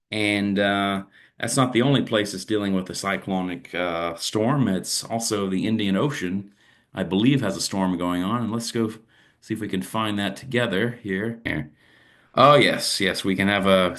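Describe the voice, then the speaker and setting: A man with a very low voice runs through a casual weather forecast. His talk is loose and conversational, and he thinks aloud as he moves between maps. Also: fairly bright tone.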